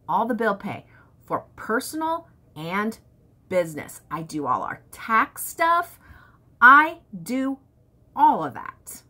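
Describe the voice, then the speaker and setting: A woman's voice: on the high side, bright, forceful tone. A woman vlogger chatting candidly to camera, telling stories from home life. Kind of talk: casual chat to camera.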